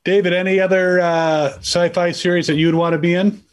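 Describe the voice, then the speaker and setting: A man's voice: high-pitched, level tone, moderate pace. A man moderating a video panel, reading out fan questions in an easygoing way. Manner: easygoing, reads questions out plainly. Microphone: video call mic.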